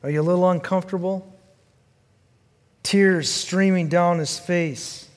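A man with a high voice delivers a sermon at an unhurried pace. He questions his listeners earnestly and moves between fervent pleading and hushed reflection. His words ring out with a long hall echo. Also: fairly even intonation. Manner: earnest and questioning, rising to fervent pleading then dropping low. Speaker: pastor.

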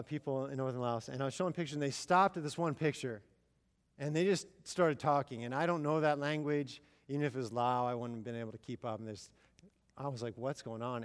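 A man in his thirties giving a sermon, telling stories in a chatty, conversational way with plenty of fillers and acted-out quotes. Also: medium pitch. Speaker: missionary speaker. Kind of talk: sermon storytelling. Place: church. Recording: long hall reverb.

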